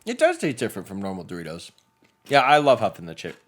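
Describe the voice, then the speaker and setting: A man's voice: lowish voice, huge pitch swings, quick pace. Laid-back rambling young man. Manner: laid-back, rambling, jokey with frequent laughs. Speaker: podcast co-host. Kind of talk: casual snack-tasting chat.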